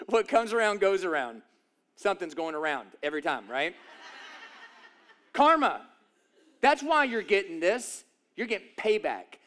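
A man's voice: high voice, big pitch swings, moderate pace, a bit bright. A man preaching a sermon, emphatic, asking rhetorical questions and repeating phrases for effect. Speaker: pastor.

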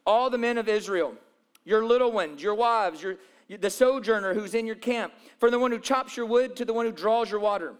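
Guy preaching a sermon, kinda high voice, reads the verses then hammers the point by repeating it. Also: normal speed, smooth. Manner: emphatic, repeats key phrases for stress; reads scripture aloud then explains it. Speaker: pastor.

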